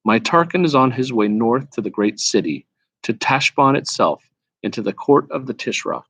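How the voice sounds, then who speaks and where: A man voicing a proud male talking war horse who lectures in a brisk, faintly scornful way, in a storybook read-aloud. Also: medium pitch, expressive, a bit bright, breathy edge, dry recording. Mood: gentler.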